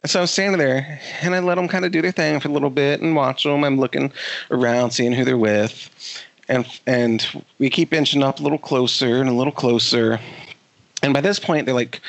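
A man's voice: medium pitch, brisk, vocal fry, no echo. A man co-hosting a podcast, telling a story in a casual, profane way with lots of restarts. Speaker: podcast host.

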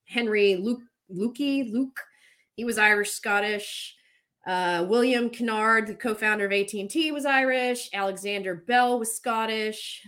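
A woman's voice: fairly high pitch, a bit bright. A woman hosting a casual chat, talking candidly and swearing now and then as she runs through what she looked up. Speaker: host.

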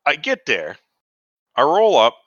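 A man casually telling a profane, animated story about an old job, acting out the dialogue. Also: on the high side, a little slow, no room sound, lo-fi sound. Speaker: podcast co-host.

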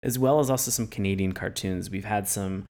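A man's voice: on the low side, brisk, a little mellow. A man co-hosting a podcast, chatting casually in a playful, effusive, slightly theatrical way. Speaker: podcast co-host.

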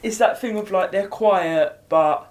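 A woman's voice: mid-range voice, unhurried, a little mellow, slight background noise. A young woman, a comedian guest on a podcast, chatting casually and laughing easily. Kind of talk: casual chat. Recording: roomy echo.

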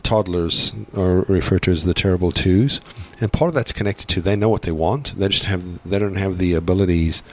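A man's voice: sits low, brisk, few pauses. A man, a parent and podcast guest, explaining his views earnestly in a reflective conversational way, often restarting his sentences. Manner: earnest, thinks aloud with restarts.

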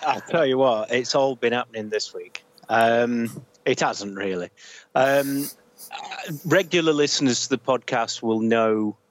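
A man's voice: medium pitch, a little slow, no room sound, poor audio. A man chatting on a podcast as co-host, playful and teasing. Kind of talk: casual podcast chat.

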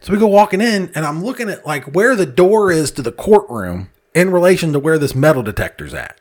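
A man's voice: a little high, very animated, fairly quick. A man telling a casual, comedic story, swearing freely and laughing at his own exasperation as he acts out other people's lines.

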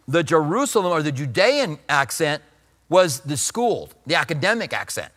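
Guy preaching, kinda high voice, chatty, acts out the quotes. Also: pushed and bright, long reverb tail. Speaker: pastor. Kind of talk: sermon.

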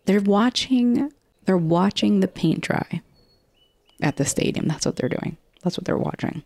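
A woman's voice: medium pitch, lively intonation, a little slow, creaky, a little mellow, no room sound. A woman hosting a casual podcast recap, chatty and rambling, with frequent restarts and casual swearing. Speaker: podcast host recapping a TV episode. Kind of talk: casual chat.

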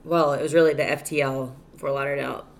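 A woman's voice: very deep voice, fairly even intonation, fast talker, vocal fry. A young woman hosting her podcast, exhausted after a trip, talking candidly in a rambling way and swearing freely. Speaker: podcast host. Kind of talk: casual solo podcast chat.

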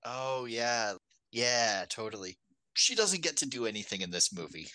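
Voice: medium pitch, expressive, normal speed, pushed and bright, no room sound. Wry podcast co-host, dry close sound. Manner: wry, jokes through plot recaps, laughs often. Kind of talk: casual film discussion.

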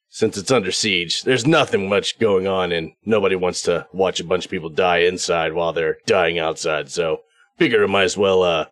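A man playing in a tabletop game who introduces his character in a relaxed, offhand way with fillers. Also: low voice, no echo. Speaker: player.

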